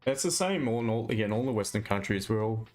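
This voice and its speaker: A man's voice: on the low side, animated, fast. A man with an Australian accent, chatting casually and bluntly on a live trading stream, ranting with mild swearing.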